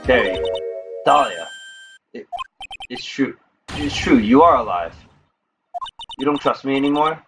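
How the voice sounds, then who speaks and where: A man voicing a heartbroken, simple-spoken convict who talks in slow, broken phrases. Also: mid-range voice, animated, over music. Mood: pleading.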